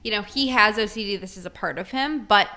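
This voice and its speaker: A woman's voice: mid-range voice, sharp tone. A woman co-hosting a podcast, chatting casually about a film with lots of filler words. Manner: chatty, lots of "like", quick laughs. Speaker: podcast co-host.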